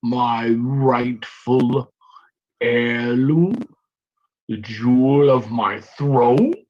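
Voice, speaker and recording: A man voicing a fat, lazy, scheming male goblin king who speaks in a whiny, drawn-out, self-pitying way. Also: medium pitch, warm tone, muffled recording. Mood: whiny, imperious.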